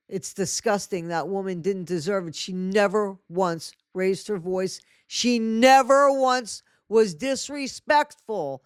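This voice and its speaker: A man's voice: high-pitched, slow, hardly any pauses, clean tone, dry recording, clean studio sound. A man hosting a commentary channel, reacting indignantly and scolding the people he addresses.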